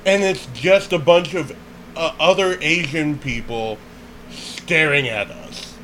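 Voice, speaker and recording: A man's voice: on the high side, slow, slight background noise, poor audio. A man telling a funny story in casual chat, laughing often and acting out what people said. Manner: animated, laughs often, acts out quoted voices.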